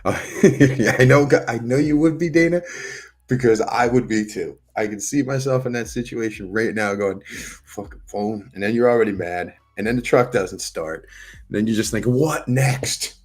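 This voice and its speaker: Chatting with his live-stream audience at a moderate pace, a man with a slightly rough, mid-range voice rambles on casually. He talks to chat and reads their messages out as he goes.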